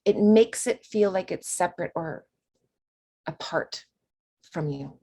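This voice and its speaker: A woman teaching a spiritual course in a chatty, expressive way, acting out quoted voices and sometimes dropping to a whisper. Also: on the low side, slightly rough.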